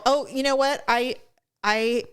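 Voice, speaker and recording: A woman's voice: a little slow, smooth. A middle-aged woman co-hosting a podcast, telling stories in casual chat and acting out the people in them. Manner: animated storyteller, acts out people with big pitch jumps. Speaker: podcast co-host.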